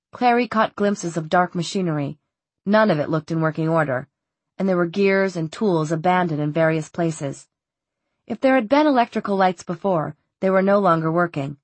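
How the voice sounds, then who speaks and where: A woman narrating a novel in a measured, steady way, on a close studio mic. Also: lowish voice, no room sound. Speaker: audiobook narrator. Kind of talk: scripted narration.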